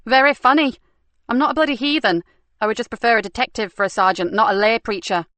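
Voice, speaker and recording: A woman's voice: medium pitch, a little fast, fairly bright tone, no echo, natural voice. A woman doing a sardonic, defiant detective.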